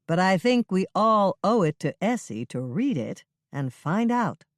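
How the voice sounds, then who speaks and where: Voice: mid-range voice, big pitch swings, a little slow, dry recording, studio quality. An audiobook reader voicing a practical grown woman who speaks in a matter-of-fact way. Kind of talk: audiobook reading.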